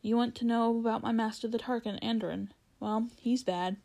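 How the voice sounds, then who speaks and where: A woman voicing a proud, bossy male talking war horse in a storybook read-aloud, brisk and commanding. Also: a little high, steady tone, gravelly, mellow, dry recording. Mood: urgent.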